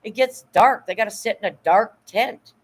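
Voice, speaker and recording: A woman's voice: medium pitch, normal speed, breathy edge, rough recording. A middle-aged woman hosting a casual livestream, emotional and effusive, rambling with fillers and thanking viewers often. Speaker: livestream host.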